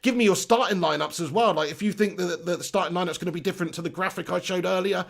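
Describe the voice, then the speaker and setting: A high-voiced man with a gravelly edge, hosting a fan live stream. He is chatty and upbeat and often breaks into laughter as he reads out viewer comments. His talk is loose and friendly. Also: quick pace, fairly bright tone. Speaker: football channel host.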